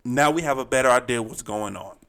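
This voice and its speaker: A man's voice: mid-range voice, fast, sharp tone, clear, resonant tone. A man co-hosting a casual podcast, teasing his partner and repeating phrases for emphasis. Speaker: podcast co-host.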